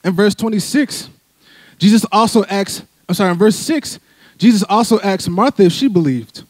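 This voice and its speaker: Brief: male preacher, fairly high voice, dry close sound, chatty sermon delivery. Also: lively intonation, normal speed, dry recording. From Philadelphia. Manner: conversational preaching, frequent "right?" asides. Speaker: church speaker. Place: church sanctuary.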